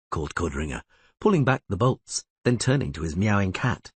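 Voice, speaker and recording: Male audiobook narrator, dramatic, husky, wide swings. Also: lowish voice, moderate pace, dry recording. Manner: dramatic, expressive reading.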